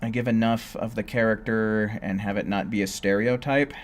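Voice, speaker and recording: A man's voice: fairly low pitch, steady tone, normal speed. Laid-back man streamer from California. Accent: General American. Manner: laid-back, chatty, answering chat. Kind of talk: casual live-stream chat.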